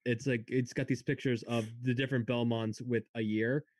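A man co-hosting a casual podcast who speaks haltingly, with many pauses and "uh" fillers. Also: mid-range voice, flat delivery, a little mellow, no room sound, clean studio sound. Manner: halting, hesitant, lots of "uh". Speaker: podcast co-host. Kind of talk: casual chat.

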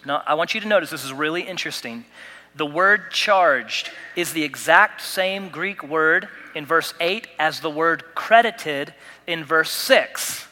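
A man's voice: a little high, a little slow, sharp tone, long reverb tail. A man pastor delivering a sermon, preaching with emphatic repetition and light humor. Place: church sanctuary.

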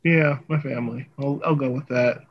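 A man's voice: mid-range voice, fairly even intonation, muffled recording, crowd noise. A man in a casual chat, giggling often as he recalls things. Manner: giggly, quick to laugh.

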